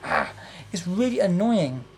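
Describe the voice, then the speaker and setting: A woman's voice: fairly low pitch, very animated, measured pace, a little mellow, a little hiss or hum. A young woman ranting to camera, exasperated and repetitive, with some swearing. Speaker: vlogger. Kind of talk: political rant to camera.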